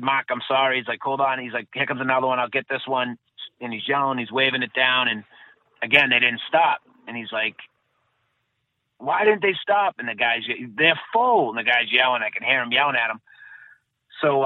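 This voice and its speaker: A man's voice: medium pitch, no room sound. Man telling his story over a tinny line. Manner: rambling, self-correcting, repeats phrases. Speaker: guest, bombing survivor. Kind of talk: casual interview, personal account. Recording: dry tinny phone-like sound.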